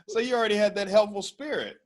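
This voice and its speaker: Lively higher-voiced man hosting a podcast. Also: fairly quick. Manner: reactive, short interjections and quips. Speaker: podcast host. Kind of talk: casual chat.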